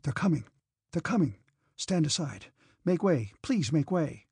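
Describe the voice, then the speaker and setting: A man's voice: high-pitched, big pitch swings, moderate pace, vocal fry, darkish tone, husky, no echo, studio quality, voice pushed up, exaggerated voice. A man voicing a foolish young male officer, breathless and gleeful, in an audiobook reading. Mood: excited.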